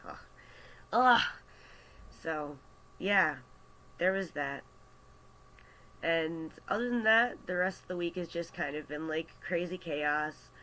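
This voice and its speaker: Male vlogger, casual storyteller, chatty and animated, sharp bright tone, faint hiss behind. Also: a little high, slow pace, poor audio. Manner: animated, chatty retelling with many fillers. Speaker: artist vlogger. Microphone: webcam or computer mic.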